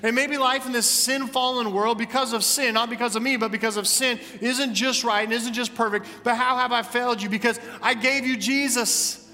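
Preacher guy doing god pleading, voice pushed way up high and bright, lots of hall echo. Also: steady tone, moderate pace, few pauses. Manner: raised, impassioned pleading questions. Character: pleading heartbroken God, male, grieving over people.

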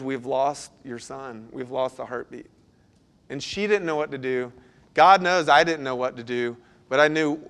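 High-voiced man preaching a sermon. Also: clear, resonant tone. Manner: storytelling, swinging from hushed to loud and urgent. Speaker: pastor.

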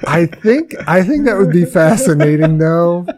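A man co-hosts a casual studio podcast, trading playful jokes with his partner. His voice sits a little high and swings widely in pitch as he teases. He keeps the banter animated throughout. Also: normal speed. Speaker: podcast co-host. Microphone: studio microphone.

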